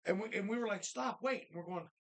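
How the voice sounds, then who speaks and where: A man with a gravelly, fry-edged voice holds forth as co-host of a live bar show. He tells his story with lively energy and lots of swearing. He talks casually among friends. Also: sits high, racing. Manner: animated storytelling, heavy swearing.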